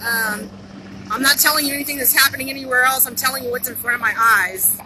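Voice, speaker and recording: A woman livestreaming from her phone on a pedestrian bridge, talking in an urgent, excited way and a little out of breath. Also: high voice, quick pace. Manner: urgent, excited, repeats herself. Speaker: live-streaming citizen reporter. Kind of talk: live phone stream, unscripted commentary. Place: outdoors on a pedestrian bridge by a busy border crossing. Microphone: handheld phone. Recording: noisy outdoor phone recording. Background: traffic and helicopters.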